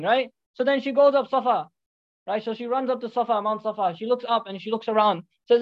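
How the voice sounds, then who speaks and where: A religious teacher telling a story as a sermon, often checking in with listeners with a quick "right?" or "okay?" and weaving in short Arabic phrases. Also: mid-range voice, steady tone. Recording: dull lo-fi recording.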